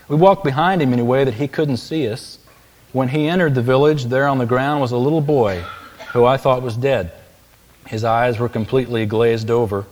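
A man's voice: mid-range voice, darkish tone. A man preaching a sermon, telling a story and then building to emphatic, raised peaks on key phrases. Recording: long hall reverb.

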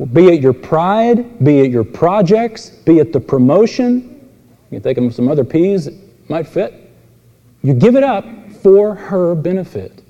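A man preaching an expository sermon, telling stories with voiced characters and moving between emphatic and quiet delivery. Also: a little high, highs cut off. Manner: animated storytelling with voiced characters. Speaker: pastor. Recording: long reverb in a large hall.

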